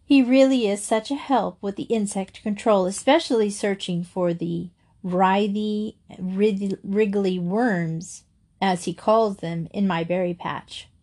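A cheerful, kindly older lady from a storybook, as a woman reads her aloud. She sounds gently amused and reassuring, at a moderate middle pitch. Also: fairly even intonation, a little slow.

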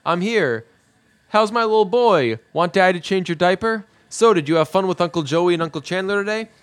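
An earnest young dad talks in a slightly whiny way, as a man reads his lines. The voice is fairly high and close to the speaker's own, in a casual retelling. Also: moderate pace, natural voice. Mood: cooing.

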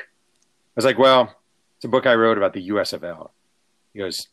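A man with a somewhat low voice spins anecdotes in relaxed talk. He is an author guest, animated, and slips into the voices of the people in his stories. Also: normal speed, pauses often. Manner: animated, acts out quotes. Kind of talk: casual storytelling.

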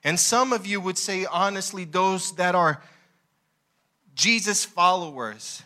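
A male pastor preaching a sermon in an animated, emphatic way, asking the congregation to repeat after him. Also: high-pitched, slow.

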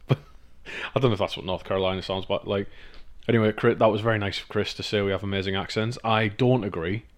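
A man's voice: lowish voice, steady tone, quick pace. A man from northeast England with a northeast English accent, co-hosting a podcast in casual chat, rambling, swearing and laughing often. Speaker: podcast co-host.

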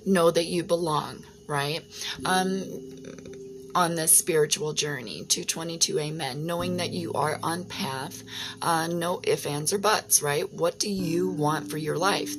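A woman's voice: sits low, noisy background. A woman giving a casual spiritual card reading, often tagging her lines with "right?" and swearing freely. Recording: music playing behind.

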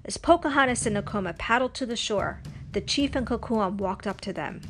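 Animated woman reading a storybook. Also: medium pitch, brisk. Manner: expressive and animated. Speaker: children's story reader. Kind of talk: storybook read-aloud. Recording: faint music underneath.

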